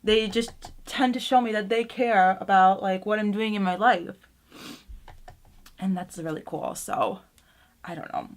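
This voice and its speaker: A woman's voice: mid-range voice, unhurried, long pauses. A young woman vlogging casually while doing her makeup at home, rambling with lots of fillers as she talks about being grateful and sometimes near tears. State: tearful at times. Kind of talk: casual get-ready-with-me chat.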